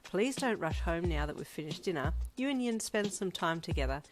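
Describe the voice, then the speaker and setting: A gushing, excitable mum, as a woman puts her on. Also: fairly low pitch, a little fast, noisy background, natural voice. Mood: gushing delight. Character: gushing, excitable middle-aged mother. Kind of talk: fan fiction audiobook reading. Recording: music playing underneath. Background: background music.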